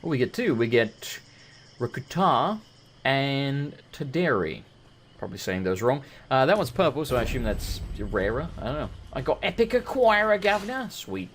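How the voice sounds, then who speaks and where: Excitable guy doing let's play commentary, swears a lot, bouncy voice, noisy background. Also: medium pitch, a little fast, few pauses. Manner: excitable, swears often, talks to the game characters. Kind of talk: casual gameplay commentary.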